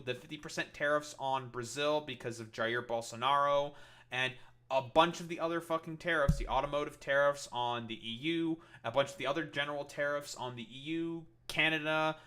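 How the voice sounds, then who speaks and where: Bright, sweary ranting man. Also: medium pitch. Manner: heated, sweary, exasperated. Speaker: streamer commentator. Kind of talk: profane political rant.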